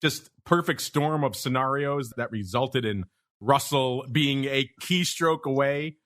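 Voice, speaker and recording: A man's voice: mid-range voice, unhurried, fairly bright tone. A man hosting a podcast, chatting casually about markets and laughing often in playful banter. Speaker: podcast host.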